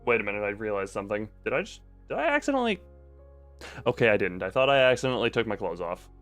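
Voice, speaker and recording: A man with a fairly low, very animated voice talks fast on a stream, rambling and self-deprecating into a desk mic at home. Soft background music runs underneath.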